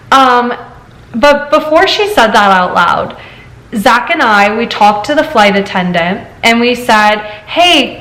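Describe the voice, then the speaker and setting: Animated woman in an echoey room. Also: fairly high pitch. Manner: animated storyteller, laughs often. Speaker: host. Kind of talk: casual chat reading stories.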